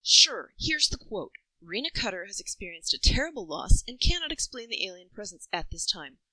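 A woman voicing a fierce, protective female family friend who berates intruders in a raised, sharp voice. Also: mid-range voice, very animated, normal speed, no echo, pitched above the performer's own voice, exaggerated voice, rough recording. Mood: sarcastic.

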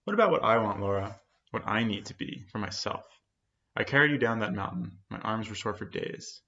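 Man voicing a guarded young guy, short and defensive, gravelly low voice. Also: brisk, bright, forceful tone. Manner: terse, defensive. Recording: dull lo-fi sound.

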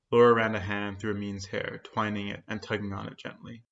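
A man reads a literary story in a measured, quiet voice. His voice is low and carries a gravelly fry. The sound is dull and lo-fi. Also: little pitch movement.

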